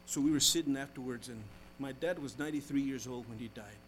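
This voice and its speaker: A male pastor preaching a sermon in church, calling out to the congregation and switching between loud exhortation and hushed, folksy storytelling. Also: medium pitch, fast talker, slight background noise, poor audio.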